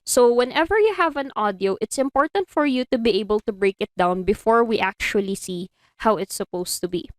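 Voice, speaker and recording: A woman with a Filipino accent teaches an online animation class, explaining step by step and mixing Tagalog phrases into her English. Her voice is on the high side and brisk, picked up dry by a computer mic on a video call.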